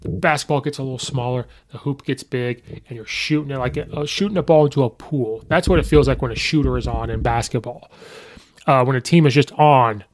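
A man hosting a podcast, recapping a football game in a rambling, excitable way and acting out fans' reactions. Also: medium pitch, a little fast. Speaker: podcast host. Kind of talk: casual sports recap.

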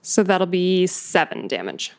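A woman's voice: lowish voice, sing-song, a little slow, a little hiss or hum. A woman playing a tabletop game, cheerful as she explains her rolls. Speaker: player. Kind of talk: casual tabletop game play.

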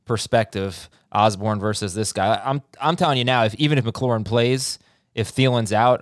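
A man's voice: fairly low pitch, moderate pace, dry recording, clean studio sound. A man hosting a sports podcast, steering the talk and handing off topics with light jokes. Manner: leads the talk, joking and direct. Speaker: podcast host.

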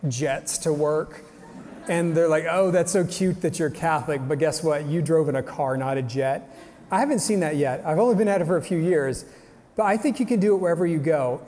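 A man's voice: fairly high pitch, warm tone. Upbeat young man talking in a hall. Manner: upbeat, joking, addresses the crowd. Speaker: motivational speaker. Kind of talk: casual talk to a live audience. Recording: long hall reverb.

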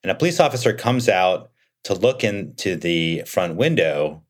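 A man guest on a podcast, answering conversationally and thinking aloud, and he gets animated when retelling a story. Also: deep voice, moderate pace. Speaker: guest expert.

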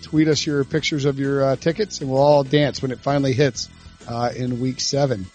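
A man's voice: medium pitch, little pitch movement, moderate pace, a little mellow, faint music behind. A man hosting a casual betting podcast, chatty and thinking his picks through aloud. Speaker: podcast host.

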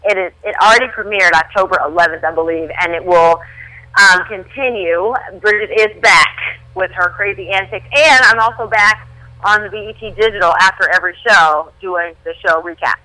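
A playful actress is interviewed on radio, her voice bright and forward. The sound is dry and close, with quick animated leaps in her talk. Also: mid-range voice, no echo, low-quality recording.

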